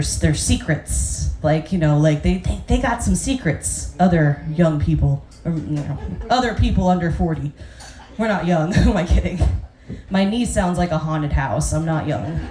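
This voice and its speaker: A woman's voice: lowish voice, moderate pace, a little mellow. A woman in her thirties doing a brash, self-mocking stand-up set with crude punchlines, on a club stage with a handheld mic. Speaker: stand-up comedian. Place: comedy club stage with live audience. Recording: echoey club with audience noise.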